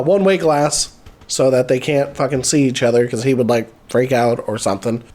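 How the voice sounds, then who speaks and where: A man's voice: on the high side, a little mellow. A man with a slightly raised voice retells a movie's plot in a loose, rambling way. He swears constantly and leans on fillers, laughing to himself as he goes. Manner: profane, rambling storytelling with frequent fillers. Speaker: movie reviewer. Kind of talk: casual movie recap.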